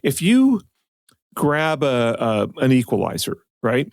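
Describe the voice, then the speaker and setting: A man's voice: mid-range voice, very animated, takes it slowly, dry recording, studio quality. A middle-aged man co-hosting an audio podcast, talking in an opinionated, ranting way. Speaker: podcast co-host. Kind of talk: casual audio podcast chat.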